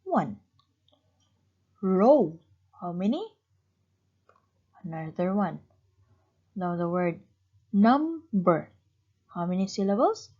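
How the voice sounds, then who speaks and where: Patient female teacher for young kids, very slow with a lively pitch, on a dull lo-fi recording. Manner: slow, patient, questions and praises pupils. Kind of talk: online class lesson for young children.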